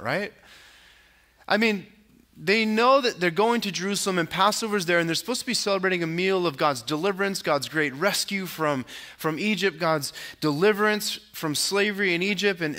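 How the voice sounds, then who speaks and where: A man pastor giving a conversational sermon, acting out quotes and asking his listeners tag questions. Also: bright, forceful tone. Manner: conversational preaching, acts out quotes with rising pitch; frequent tag questions, casual filler words.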